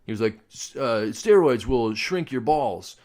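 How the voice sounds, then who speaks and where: A man's voice: mid-range voice, lively intonation, a little slow, darkish tone. A young man co-hosting a podcast, telling rambling stories in casual chat, swearing and laughing often. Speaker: podcast co-host.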